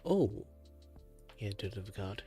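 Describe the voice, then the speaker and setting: A man from Malaysia chatting casually on his art livestream, rambling with many fillers and frequent chuckles in a relaxed, low natural voice. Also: slow, faint music behind. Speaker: VTuber art streamer.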